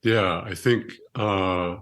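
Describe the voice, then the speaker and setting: Very low male voice, middle-aged, earnest storytelling, reflective podcast guest. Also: steady tone, drawn-out words, fairly bright tone. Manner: reflective, earnest, with frequent restarts. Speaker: guest, surgeon and author. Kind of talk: conversational storytelling.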